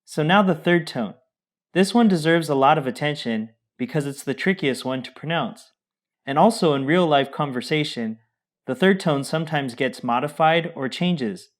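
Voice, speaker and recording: A man co-teaching a Mandarin pronunciation lesson, explaining the rules calmly and in a friendly way. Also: a little high, moderate pace.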